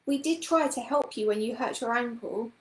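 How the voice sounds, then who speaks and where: A woman's voice: on the high side, moderate pace, darkish tone, echoey room, lightly acted, rough recording. A woman voicing an eager, earnest young girl who speaks breathlessly and pleadingly.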